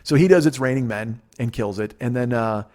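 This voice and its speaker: Telling a lengthy showbiz anecdote, this podcast host speaks in a brisk, mid-range voice. His retelling wanders and swears freely, and he livens it up by voicing quotes from the people involved.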